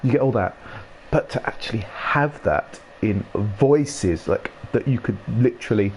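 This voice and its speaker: A man's voice: mid-range voice, measured pace, a little mellow. Guy rambling on his game stream, mid voice, laughs a lot, bit of faint hiss behind. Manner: rambling, chatty, laughs often. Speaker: livestream gaming host. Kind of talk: casual chat while streaming a game.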